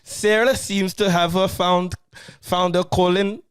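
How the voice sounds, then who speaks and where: A man's voice: sits high, fairly even intonation, unhurried, clear, resonant tone, dry recording, voice pushed up. A man putting on a shaky Liverpool accent. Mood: mock Scouse. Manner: clumsy, giggling accent attempt.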